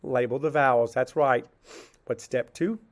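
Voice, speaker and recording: A man teaching a phonics lesson to children, asking a question and answering it himself, then sounding words out syllable by syllable. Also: medium pitch. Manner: slow, patient, asks questions and answers them himself.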